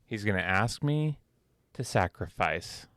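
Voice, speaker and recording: Low-voiced man, hesitant and vulnerable. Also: expressive, a little slow, a bit bright, no echo. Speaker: podcast co-host. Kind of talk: casual faith podcast conversation.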